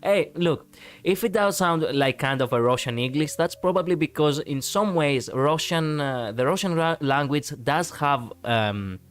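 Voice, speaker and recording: A man's voice: on the high side, measured pace, smooth. Chatty Greek-accented male streamer. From Greece. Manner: rambling, frequent fillers and restarts, laughs easily. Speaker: live streamer. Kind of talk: casual chat with viewers.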